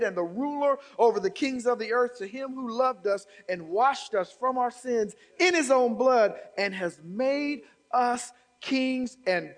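A pastor with an extremely high-pitched voice preaches a sermon, building from quoted scripture to shouted exhortations and repeated phrases.

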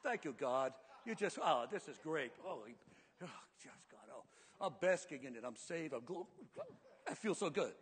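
A man's voice: extremely high pitch, expressive, moderate pace, sharp tone, long reverb tail, pitched above the performer's own voice, exaggerated voice. A man hamming up a sulky prophet begging to die. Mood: blissful hush. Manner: whiny, exaggerated complaining. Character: sulky, melodramatic male prophet, quick to despair.

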